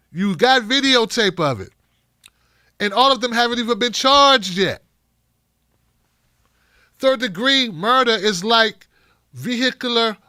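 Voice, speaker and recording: A man's voice: very high voice, bright, forceful tone, clear, resonant tone, no echo, clean studio sound. A middle-aged man hosting a live-streamed talk show, reading chat by name and ranting in a blunt, profane way.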